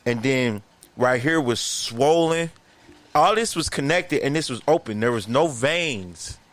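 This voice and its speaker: Brief: male podcast co-host, mid-pitch, loose and profane storyteller who laughs through his tale. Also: unhurried. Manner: animated, profane, slangy, laughs often. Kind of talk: casual storytelling chat.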